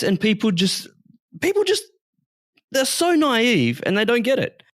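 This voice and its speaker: A man's voice: very high-pitched, huge pitch swings, unhurried, pauses often, no echo, studio quality. A man from Western Australia, co-hosting a casual podcast and ranting heatedly, with swearing. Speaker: podcast co-host.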